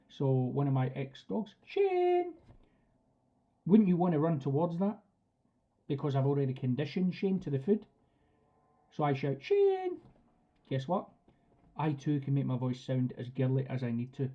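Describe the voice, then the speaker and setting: A man teaches a live online dog training class in a chatty, direct way, acting out the commands. His voice is medium-pitched, and the audio is dull.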